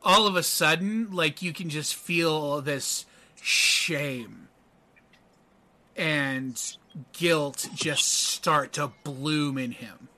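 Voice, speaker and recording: A man narrating a tabletop game as game master, halting and full of fillers. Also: fairly high pitch, pushed and bright.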